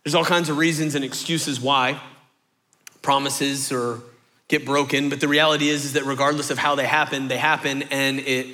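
A man in his thirties preaching a sermon, telling a story in lively fashion and repeating phrases for rhythm. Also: mid-range voice, normal speed. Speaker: pastor.

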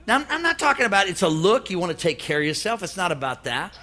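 A man pastor preaching a lively, comedic sermon to his congregation, with call-and-response. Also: high-pitched, quick pace. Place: church hall with congregation.

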